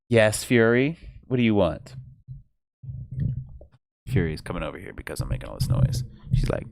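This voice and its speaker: A man with a low, gravelly voice reading a storybook and chatting in a casual, joking way. His pitch swings widely and animatedly, and the sound is close and dry. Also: normal speed, long pauses, no echo. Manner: animated, joking, swears freely. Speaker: streamer reading novelizations aloud.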